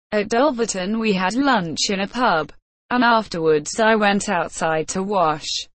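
A woman reading a storybook aloud in a slow, measured, plain manner. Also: mid-range voice, no room sound. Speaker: narrator.

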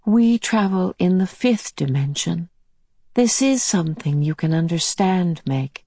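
A woman voicing a kindly, motherly otherworldly woman who gently reassures and explains. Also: fairly low pitch, expressive, measured pace, slightly rough, no echo, clean studio sound, full character voice. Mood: reassuring.

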